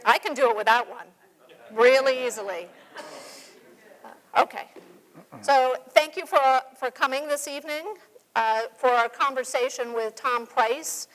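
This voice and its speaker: Curator, woman, New York accent, easygoing public-talk host, slightly high voice, reverberant hall. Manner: chatty, laughs easily, relaxed presenter. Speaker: museum curator hosting an artist talk. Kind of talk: public conversation in a gallery. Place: museum auditorium.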